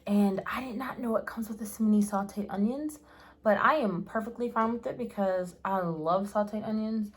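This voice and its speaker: A woman's voice: medium pitch, moderate pace. A young woman hosting a casual eating show at home, rambling and chatty with lots of fillers, talking between bites. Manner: rambling, chatty, many fillers and restarts, eats while talking. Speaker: mukbang vlogger.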